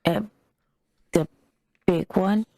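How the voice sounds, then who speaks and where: A woman's voice: medium pitch, steady tone, extremely slow, creaky, dark tone, no echo, studio quality. A woman playing a tabletop game, chatting casually and sounding unsure as she searches her notes and trails off mid-thought.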